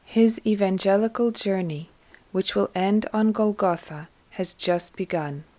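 A woman reading a devotional story aloud in a slow, soft, reverent scripted narration. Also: mid-range voice. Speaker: reader of devotional text.

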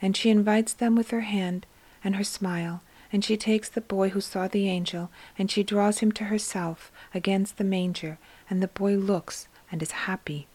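Soft-spoken woman narrating a scripture story. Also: medium pitch, fairly even intonation, moderate pace. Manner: soft, hushed reading that often drops to a whisper.

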